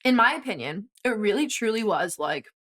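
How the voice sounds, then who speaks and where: A woman in her twenties, a guest and former college swimmer, telling a story in animated casual conversation with quick asides. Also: medium pitch. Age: 20s.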